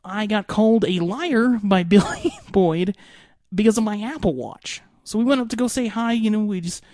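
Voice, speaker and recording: A young man hosting a podcast, giving an excitable, rambling recap full of fillers. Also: high-pitched, normal speed, no echo, clean studio sound. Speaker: podcast host.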